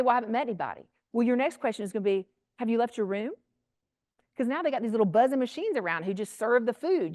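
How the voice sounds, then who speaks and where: A middle-aged woman giving a lively, blunt talk to a room of parents, chatty and animated, acting out quoted voices. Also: a little high, dry recording, clean studio sound. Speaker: speaker addressing parents. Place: room with an audience.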